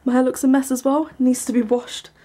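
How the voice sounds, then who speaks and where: A young woman giving a casual, rambling tour of her small bedroom, full of ums and likes, sometimes hushed. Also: high-pitched, little pitch movement, quick pace. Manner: hushed at times so as not to wake her brother. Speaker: vlogger. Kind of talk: casual room tour vlog.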